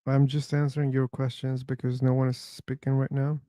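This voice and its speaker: A man hosting a live stream, talking bluntly and with a joke now and then as he reads chat questions aloud. His voice is mellow and dark at a middle pitch, and the close mic leaves almost no room sound. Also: monotone, fairly quick, no room sound. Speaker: livestream discussion host.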